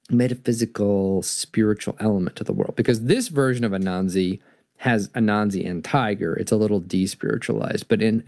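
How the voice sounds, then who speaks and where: A man hosting a show on stories, reading a picture book aloud and explaining it in an animated way, often restarting his sentences. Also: on the low side, creaky, no echo, studio quality. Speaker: host. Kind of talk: reading and discussing stories on a podcast.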